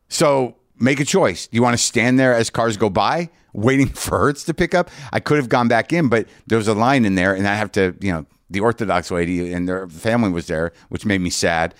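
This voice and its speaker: A man's voice: medium pitch, fairly quick, hardly any pauses, no room sound, clean studio sound. An older man doing stand-up, telling a long story in a ranting, self-mocking way and acting out both sides of the conversation. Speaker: comedian.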